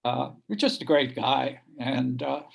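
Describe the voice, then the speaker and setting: A man remembering his cousin at a memorial gathering, speaking haltingly with many pauses and fillers. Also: medium pitch, fairly even intonation, gravelly, husky. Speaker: relative giving a eulogy. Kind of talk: memorial speech.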